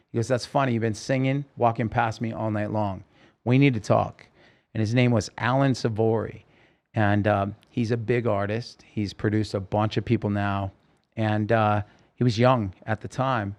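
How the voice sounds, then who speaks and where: A middle-aged man telling a story as a podcast guest, lively and acting out the voices of the people he quotes. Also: lowish voice. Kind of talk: casual storytelling interview.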